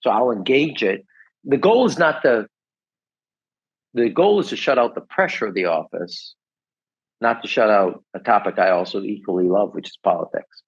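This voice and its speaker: A man's voice: lowish voice, lively intonation, normal speed, husky, lo-fi sound. A man in his sixties, a podcast guest, telling stories in a casual, rambling way, full of restarts and "et cetera". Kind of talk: casual storytelling.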